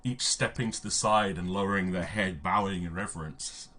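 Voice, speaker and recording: A man narrating as game master of a tabletop game, halting with fillers and restarts as he describes the scene. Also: low voice, bright, forceful tone, a little hiss or hum. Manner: hesitant, many fillers and restarts. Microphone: home microphone on a stream.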